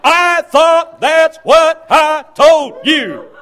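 A man putting on his scolding father, yelling slow and high-pitched in a drawn-out singsong. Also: exaggerated voice. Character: angry father scolding a child mid-whipping.

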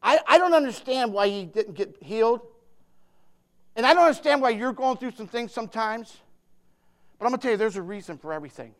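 A man preaching a sermon without notes, swinging from loud shouted declarations to soft, hushed reassurance, with lots of repetition and emphasis. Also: very high voice, expressive, moderate pace, pauses often. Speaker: pastor. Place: church.

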